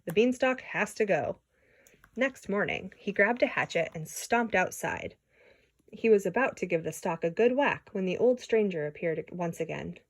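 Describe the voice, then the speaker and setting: A woman reading a children's story aloud in an expressive way, with small slips and restarts. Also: fairly low pitch, normal speed, creaky. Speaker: storybook reader.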